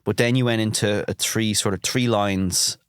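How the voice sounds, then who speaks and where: An Irish man hosts a laid-back food podcast with a fairly low voice. He teases his guest in an easygoing way and asks curious questions. The sound is dry and close, with no room echo. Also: fairly even intonation, normal speed, smooth. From Ireland. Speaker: podcast host and chef. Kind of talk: casual food podcast chat.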